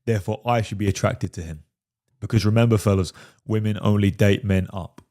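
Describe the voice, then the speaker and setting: A man's voice: lowish voice, fairly even intonation, a little fast, mellow. A man commenting on a film clip as a dating coach, emphatic and repeatedly checking in with "right?". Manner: emphatic, keeps asking "right?".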